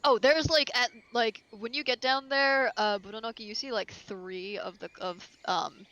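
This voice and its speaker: A woman's voice: on the high side, steady tone, moderate pace, pushed and bright, highs cut off. A woman narrating as game master of a tabletop role-play, rambling with many fillers and easy laughs.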